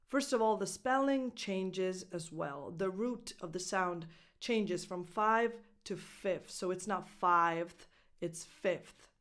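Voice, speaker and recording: A woman whose first language is Italian, teaching English pronunciation as a coach and clearly modeling each word. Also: mid-range voice. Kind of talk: pronunciation lesson.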